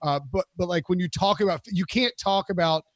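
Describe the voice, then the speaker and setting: A man talks as a podcast guest in a fairly high voice. He rambles and jokes, restarting often. The sound is dry and close. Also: a little fast, no echo. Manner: rambling, many fillers and restarts, joking. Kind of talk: casual podcast chat.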